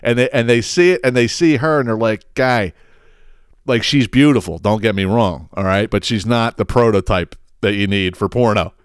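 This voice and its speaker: A man hosting his own podcast, telling a story in a casual, profane and animated way, acting out the quotes. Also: fairly low pitch, normal speed, clear, resonant tone, no room sound, studio quality. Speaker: podcast host.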